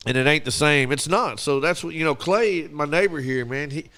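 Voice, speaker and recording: A man telling stories on a casual talk podcast, lively and animated. His voice sits a little high for a man, and he slips into acting out the dialogue as he talks. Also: moderate pace. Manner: animated storyteller who acts out quoted dialogue. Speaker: podcast host and youth baseball coach.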